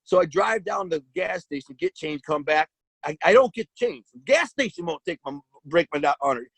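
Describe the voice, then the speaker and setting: A man's voice: a little high, expressive, moderate pace, gravelly, fairly bright tone, no room sound, poor audio. A man casually telling his own story in blunt street slang, with frequent restarts.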